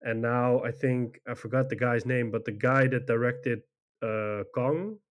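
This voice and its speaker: A man in casual chat about games and films, easygoing and agreeable, often pausing with "uh" and restarting. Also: medium pitch, fairly even intonation.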